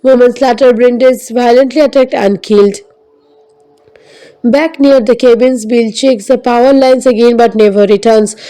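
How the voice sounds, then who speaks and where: Higher-pitched woman narrating with a mellow tone. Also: steady tone, normal speed, poor audio. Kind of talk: scripted film recap narration.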